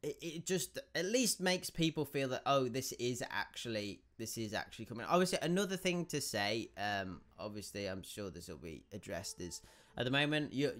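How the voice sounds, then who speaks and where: A man with a stuffy, croaky voice, rambling through gameplay commentary and restarting his sentences as he thinks aloud. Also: fairly low pitch, fairly bright tone. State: congested and croaky. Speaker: gaming YouTuber.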